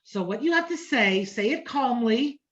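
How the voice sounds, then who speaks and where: Over dull, lo-fi online class audio, a middle-aged woman delivers a casual Torah lecture, chatting with listeners, repeating herself, and often asking "right?" Her voice is on the high side, with lively intonation and a moderate pace.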